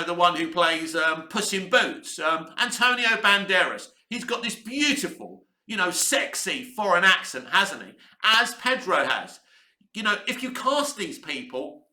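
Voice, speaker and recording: A man with a high-pitched, sharp voice reviews a TV show to camera from his base in Cyprus. He's casual, candid and blunt, swearing without restraint, and the room sounds echoey.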